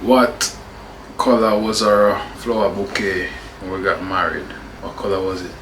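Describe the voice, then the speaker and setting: A man, the vlogger's husband, making brief low-key remarks from behind the camera as he films at home. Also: steady tone, unhurried, a bit bright, reverberant, slight background noise, poor audio. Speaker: husband filming. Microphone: camera mic from off camera.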